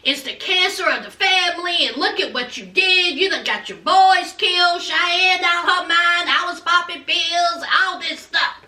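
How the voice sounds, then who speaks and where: Casting: sassy, chatty TV recapper, high, bright voice, roomy echo. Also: female voice, a little slow, few pauses, distant mic. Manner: chatty, sassy, calls viewers child and honey. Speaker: TV recap vlogger. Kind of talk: animated casual recap.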